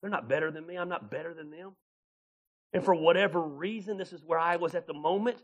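Animated preaching man with a high voice. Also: brisk. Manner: animated preaching, acts out voices of God and Moses; folksy, laughs often. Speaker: pastor. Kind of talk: sermon.

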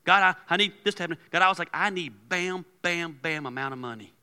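A man preaching a sermon as pastor, animated and acting out quoted prayers. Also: fairly high pitch, brisk, smooth. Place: large church hall. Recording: long hall reverb.

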